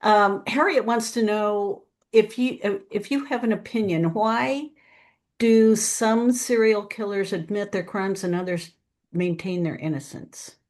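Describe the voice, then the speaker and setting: A woman moderating a book talk, reading audience questions aloud with brief, unhurried replies. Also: medium pitch, a little mellow. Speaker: event moderator.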